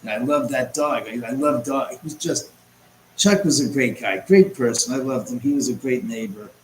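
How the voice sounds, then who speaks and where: A man hosting a live stream from his home, chatting and rambling as he answers viewers' comments out loud. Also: mid-range voice, moderate pace. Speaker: host. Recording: roomy echo, faint background noise.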